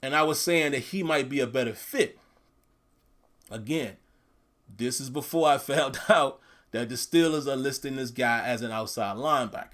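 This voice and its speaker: A man's voice: mid-range voice, moderate pace, fairly bright tone. A man hosting a call-in fan podcast, talking casually and chatting to his listeners. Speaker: podcast host.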